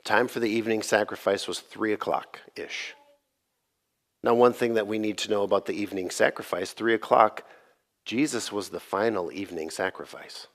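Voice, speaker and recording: A middle-aged man pastor preaching a sermon, telling the story with lively, sarcastic quoted lines and occasional laughs. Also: lowish voice, moderate pace.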